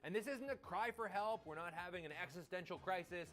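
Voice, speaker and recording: A man's voice: high voice, a little fast, a bit bright, faint music behind. A man hosting a video essay, delivering scripted narration in a sarcastic, jokey, theatrical way.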